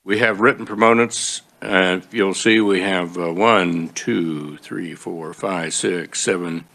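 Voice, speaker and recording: A man's voice: sits low, fairly even intonation, slow pace, vocal fry, pushed and bright. A man chairing a legislative committee hearing, procedural and easygoing, with frequent fillers.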